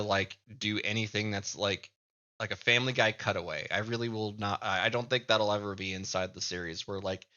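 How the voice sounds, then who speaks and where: Halting Midwestern man, forceful and low. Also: lo-fi sound. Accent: Midwestern American. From American Midwest. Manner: halting, repeats words while thinking aloud. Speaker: live streamer and comic creator. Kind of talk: casual live-stream chat.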